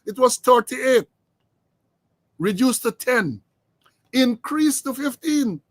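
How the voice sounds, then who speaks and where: Sarcastic Guyanese man, high voice. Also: animated, slow, no echo. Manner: sarcastic, mocking. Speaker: host. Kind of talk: political commentary chat.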